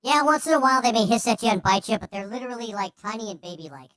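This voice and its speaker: A woman streaming a video game, chatting casually and excitably and swearing freely as she plays. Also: a little high, very fast. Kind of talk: casual gameplay commentary.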